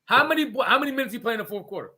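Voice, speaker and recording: A man's voice: very high voice, lively intonation, racing, sharp tone, breathy edge. A man co-hosting a podcast, arguing basketball hotly and point by point. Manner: emphatic, argues point by point, laughs often. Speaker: podcast co-host. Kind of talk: heated sports debate.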